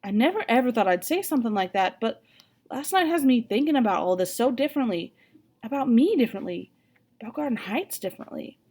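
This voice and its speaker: A woman reading a novel aloud, with an expressive, even delivery. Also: fairly high pitch, a little fast. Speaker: reader.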